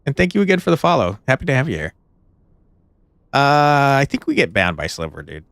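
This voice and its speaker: A man's voice: medium pitch, sing-song, brisk, creaky, a bit bright, dry recording. A man streaming a game live, chatting playfully with viewers and reading the story text aloud.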